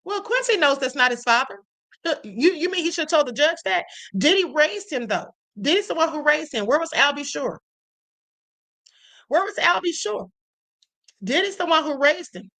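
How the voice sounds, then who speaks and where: Bright-voiced woman live-streaming, chatty. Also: high-pitched, lively intonation, a little fast. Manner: chatty, addresses viewers as y'all, frequent "okay?". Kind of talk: live-stream commentary reading chat.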